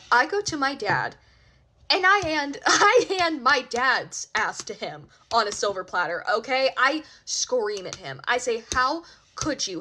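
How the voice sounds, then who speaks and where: Young woman, slightly high voice, casual storytime vlogger, emphatic and exasperated. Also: a bit bright.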